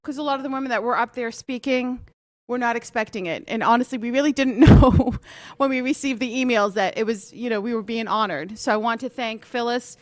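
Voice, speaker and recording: A woman chairing a public school meeting, speaking earnestly with frequent filler pauses. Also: on the high side, fairly bright tone, no echo.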